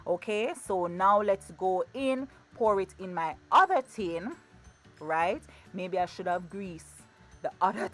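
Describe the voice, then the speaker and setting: A woman giving a chatty, playful cooking demonstration in her home kitchen, often repeating her words. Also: fairly low pitch. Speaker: cooking vlogger.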